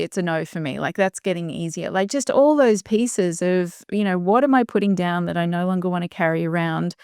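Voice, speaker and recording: A woman's voice: on the low side, darkish tone, clear, resonant tone, no echo, studio quality. A woman in her fifties hosting a podcast, talking in an earnest, reflective way and often laughing. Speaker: podcast host. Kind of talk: reflective conversation.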